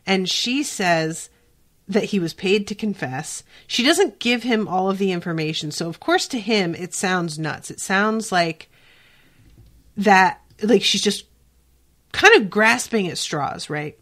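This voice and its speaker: A woman hosting a podcast, recapping a TV episode in casual chat, animated and quick to swear. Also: mid-range voice. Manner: animated, swears freely, lots of "like" fillers. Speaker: podcast host.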